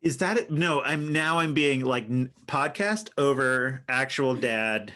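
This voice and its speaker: A man's voice: mid-range voice, lively intonation, measured pace, sharp tone. A middle-aged man and father co-hosting a podcast in casual chat, playful and self-mocking, laughing often.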